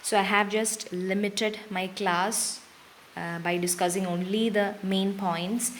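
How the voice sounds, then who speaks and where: A young woman with an Indian English accent teaches an exam-prep lesson at an unhurried pace. She moves steadily from term to term with short pauses, in a mid-pitched voice. A faint hiss sits under the recording. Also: poor audio. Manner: slow, steady, listing terms with brief pauses.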